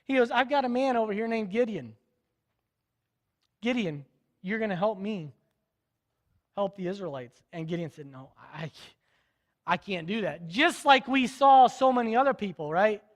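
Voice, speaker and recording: A man's voice: sits high, moderate pace, long pauses, long reverb tail. A man preaching a sermon, retelling a Bible story in casual, modern speech and acting out the characters' lines. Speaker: pastor.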